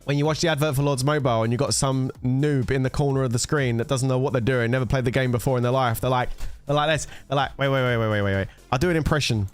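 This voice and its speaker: A man's voice: medium pitch, fairly even intonation, quick pace, faint music behind. A man chatting casually with viewers on a gaming livestream, teasing and bantering with some swearing. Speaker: gaming streamer.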